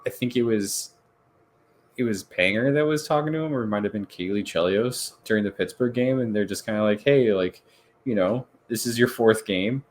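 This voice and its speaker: A man co-hosting a casual sports podcast, telling stories in an animated way and acting out quotes in a high voice. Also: slight background noise. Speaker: podcast co-host.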